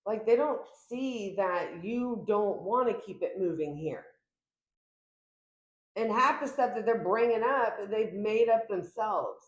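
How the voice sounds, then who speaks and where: A woman giving a casual tarot reading to the camera, chatty and emphatic, filming herself at home. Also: unhurried. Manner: chatty, emphatic, acts out quoted lines with big pitch jumps. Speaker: tarot reader. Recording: echoey room.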